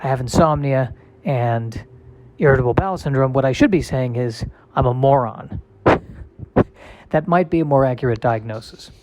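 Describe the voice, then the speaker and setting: A man's voice: mid-range voice, moderate pace, darkish tone. A male comedian in a casual solo monologue, rambling and self-deprecating with a wry tone.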